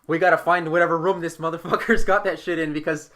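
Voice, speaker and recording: Brash, fast-talking young man at play. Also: a little high, fairly even intonation, sharp tone. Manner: brash and profane, quick to joke. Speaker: player. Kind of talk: casual tabletop play.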